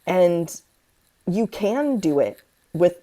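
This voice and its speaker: A woman's voice: lowish voice, sing-song, extremely slow, mellow. A woman hosting a casual spiritual conversation, talking passionately and swearing freely as she acts out her own inner voices. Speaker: podcast host.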